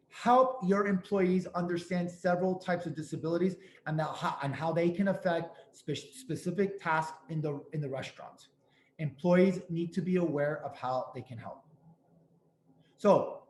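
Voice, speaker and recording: A man's voice: high voice, roomy sound, a little hiss or hum. A man hosting a talk, giving earnest, emphatic advice and stressing his key points over and over. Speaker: host and speaker on restaurant accessibility.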